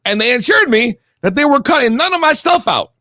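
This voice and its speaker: A young man from Connecticut tells a story with a high voice that swings widely up and down. His delivery is heated, slangy and full of swearing, and it rambles and restarts. The recording is dry and close. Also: a little fast, dry recording. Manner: profane, heated, animated storytelling. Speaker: podcast regular telling a story. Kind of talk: casual storytelling.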